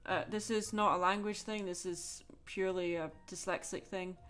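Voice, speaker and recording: A Scottish woman chatting frankly with soft laughs while drawing on a livestream. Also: medium pitch, fairly even intonation, normal speed, clean tone, soft background music. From Scotland. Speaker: livestreaming artist.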